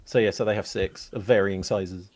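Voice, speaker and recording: A man's voice: lowish voice, fairly even intonation, moderate pace. A man in a casual chat, explaining fan lore in a nerdy, offhand way.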